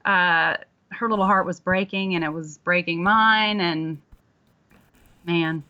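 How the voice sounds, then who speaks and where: A woman's voice: fairly low pitch, steady tone, slow, lo-fi sound. A woman who works as an ER nurse, a guest on a podcast, telling a patient story in an earnest, reflective way. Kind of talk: conversational interview.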